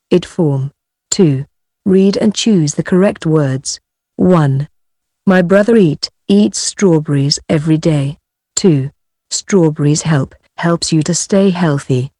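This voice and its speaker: A woman reads grammar exercises from a workbook aloud, taking each word slowly and deliberately. Her voice sits a little low and sounds mellow. The recording is dry and close. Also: no echo. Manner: slow, careful, deliberate reading. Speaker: textbook reader.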